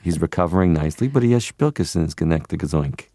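A man's voice: low voice, lively intonation, fast, mellow, dry recording, pitched below the performer's own voice. A man doing a gossipy older Jewish woman from New York with a New York accent, in a dry, close sound.

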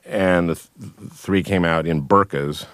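A man, a guest comedian, telling anecdotes in a radio interview, with halting restarts and chuckles. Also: low-pitched, fairly bright tone, no room sound, studio quality.

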